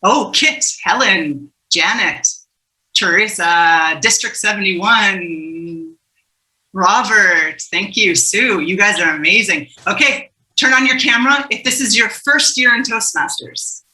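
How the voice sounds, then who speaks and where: Very bright-voiced woman hosting a zoom game, playful, laughs a lot, echoey room. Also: medium pitch, takes it slowly. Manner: playful, laughs often, calls on people by name. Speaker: facilitator leading a warm-up game. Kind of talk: upbeat group facilitation on a video call. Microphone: video call.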